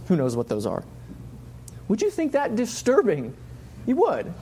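A man's voice: high-pitched, wildly swooping pitch, unhurried, pauses often, dark tone, slight background noise. A man preaching a sermon, passionate and full of repeated rhetorical questions.

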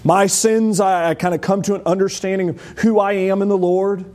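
A man's voice: high-pitched, flat delivery, brisk, a little mellow. A man preaching a sermon as a pastor, conversational and emphatic, asking the congregation rhetorical questions. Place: church.

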